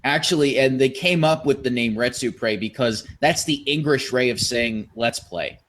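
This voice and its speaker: A man's voice: medium pitch, normal speed, fairly bright tone, a little hiss or hum. A young man hosting a podcast, recounting internet stories in a casual comedic way. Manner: storytelling, often slipping into quoted impressions. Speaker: podcast host.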